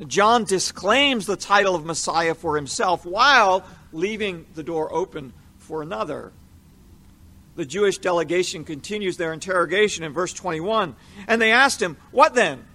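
A man giving a measured, explanatory Bible teaching, leaning into the verses he quotes. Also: sits high, animated, bright, forceful tone.

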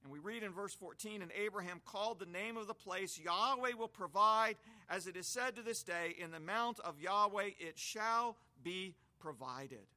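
A man's voice: sits high, normal speed, few pauses, sharp tone. A man preaching an expository sermon, reading scripture aloud and explaining it with homely images.

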